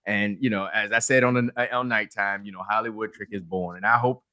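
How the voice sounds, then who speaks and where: A man's voice: on the low side, steady tone, brisk, sharp tone, dry recording, clean studio sound. A man co-hosting a podcast, chatting casually about wrestling, rambling with many fillers and restarts. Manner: rambling, lots of fillers and restarts, laughs easily. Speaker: podcast co-host.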